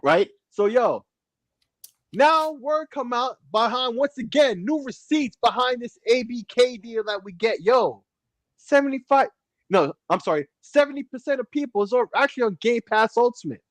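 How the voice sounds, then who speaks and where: Animated high-voiced man saying "yo" a lot. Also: normal speed, no room sound. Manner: animated, peppering talk with "yo" and "right?". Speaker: podcast co-host. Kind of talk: casual gaming podcast chat.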